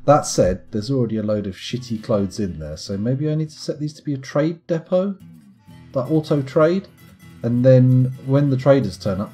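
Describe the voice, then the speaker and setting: Streamer, wry mutterer, lively pitch, mellow tone, soft guitar music underneath. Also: male voice. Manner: wry, muttering to himself while playing. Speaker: gaming streamer. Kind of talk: live game commentary.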